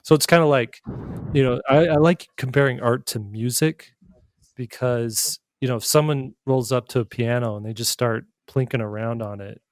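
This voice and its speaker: Relaxed man chatting about art. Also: medium pitch, moderate pace, dry recording, clean studio sound. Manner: relaxed, conversational, compares art to music. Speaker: art instructor. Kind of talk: casual podcast discussion.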